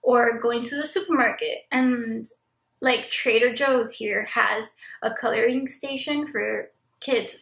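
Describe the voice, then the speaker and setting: A young woman with a slightly high voice chats candidly about her life as a mom. She talks in a loose, confessional way and fills her sentences with "like." Her voice carries some echo from the room at home. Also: gravelly, a bit bright. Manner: candid, chatty, heavy use of "like" as filler. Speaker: vlogger, stay-at-home mom. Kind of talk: casual confessional chat to camera. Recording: roomy echo.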